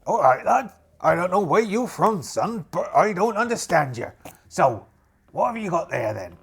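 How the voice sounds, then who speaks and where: A man's voice: high voice, very animated, moderate pace, gravelly, a bit bright, husky, voice pushed up, full character voice. A man voicing a blunt, impatient pirate captain. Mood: gruff.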